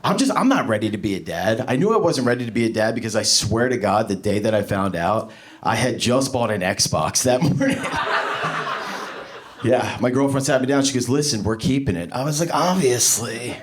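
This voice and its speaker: A man in his thirties doing a stand-up set on a club stage, swearing freely and jumping into high acted-out voices. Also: lively intonation, moderate pace, music in the background. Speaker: stand-up comedian. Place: comedy club stage before a laughing audience.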